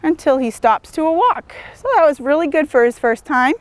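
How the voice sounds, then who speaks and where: A woman horse trainer calmly demonstrating lunge work outdoors, encouraging and steady as she explains each step. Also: high voice, moderate pace, no echo. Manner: calm, encouraging, praises the horse often. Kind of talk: instructional demonstration.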